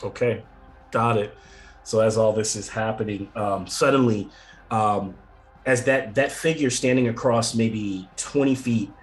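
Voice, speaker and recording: A man's voice: on the low side, fairly even intonation, measured pace, faint music behind. A man narrating a tabletop game as game master, rambling with many fillers and frequent chuckles.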